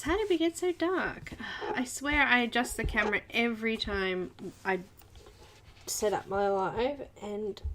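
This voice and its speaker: A woman's voice: on the high side, noisy background. An Australian woman hosting a casual livestream, chatting away and greeting viewers by name. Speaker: livestream host.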